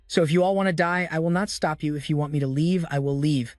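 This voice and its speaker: A man's voice: on the high side, quick pace, dry recording, clean studio sound, soft background music, natural voice. A man voicing a cold, blunt young male saint-doctor who talks curtly and indifferently. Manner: curt, indifferent.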